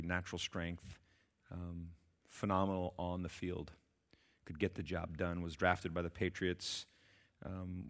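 A man preaching a sermon, asking his congregation questions and swinging between loud emphatic peaks and quiet low passages. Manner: asks the congregation rhetorical questions. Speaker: pastor.

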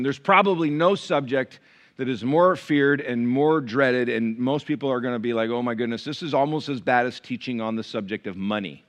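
A middle-aged pastor preaches a sermon in a voice on the high side, animated and full of storytelling. He swings between loud bursts and hushed asides.

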